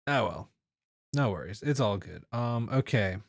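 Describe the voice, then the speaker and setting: A man's voice: lowish voice, lively intonation, unhurried, no echo, studio quality. A man streaming games, chatting casually with his viewers, rambling and laughing often. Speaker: game streamer. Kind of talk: casual chat with live chat.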